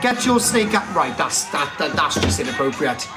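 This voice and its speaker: A man live streaming and reading chat comments aloud in a teasing, theatrical way, jumping from shouts to low mutters. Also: sing-song, moderate pace, crowd noise. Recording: echoey room with faint music.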